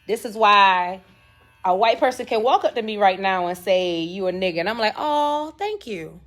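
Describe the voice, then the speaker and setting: A young woman hosting a casual live chat, animated and laughing, acting out quotes in shifting voices. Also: mid-range voice, brisk, soft background music. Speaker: host.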